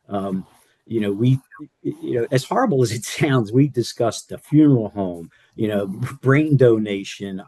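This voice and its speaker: A man's voice: fairly low pitch, mellow, no echo. An older man speaking on a panel as a former care partner, rambling with many fillers and restarts. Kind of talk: panel discussion.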